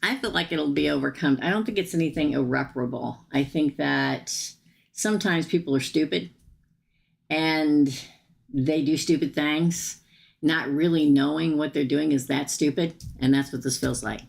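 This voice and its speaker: A middle-aged woman with a hoarse, worn voice, hosting a casual live tarot reading, chatty and laughing often as she talks to the viewer. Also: low voice, moderate pace. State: hoarse, losing her voice.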